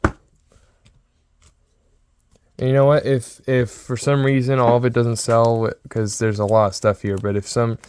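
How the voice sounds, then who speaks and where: An excitable young man in his early twenties rambles to the camera in a loose, casual vlog style, often circling back and repeating himself. His voice is smooth and clear, sitting at an ordinary pitch for a man. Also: moderate pace, hardly any pauses, no echo. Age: 20s. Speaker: sports card seller and vlogger.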